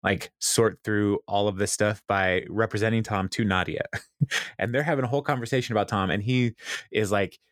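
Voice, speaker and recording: A man's voice: lowish voice, moderate pace, dry recording, studio quality. A man casually recapping a TV episode, rambling with lots of fillers and chuckles.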